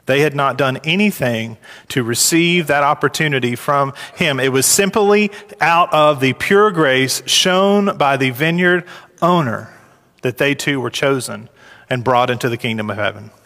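A man preaching a sermon, his voice climbing high and loud when he acts out complaining workers. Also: unhurried, in a large hall. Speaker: pastor.

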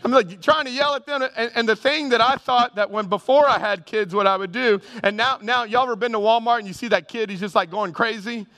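A man's voice: very high-pitched, brisk, few pauses, sharp tone. A male pastor preaching a sermon with humor, calling out to his congregation. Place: church sanctuary. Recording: reverberant church hall.

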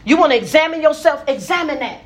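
A woman's voice: high voice, lively intonation, quick pace, roomy sound, distant mic. A woman preaching a sermon in short, punchy call-and-response bursts, playful and acting out little asides. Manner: playful, acts out asides and quotes.

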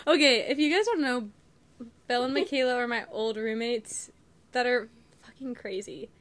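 A woman's voice: a little high, normal speed, a bit bright. A young woman chatting as a podcast guest, giggling often, nervous and swearing freely. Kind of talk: casual chat.

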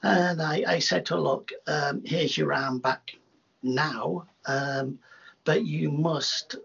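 Man, gravelly husky voice, slightly high, rambling animated anecdotes, dull lo-fi recording. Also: takes it slowly. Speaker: hypnotherapist guest. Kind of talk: casual storytelling in an interview. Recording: dull lo-fi sound.

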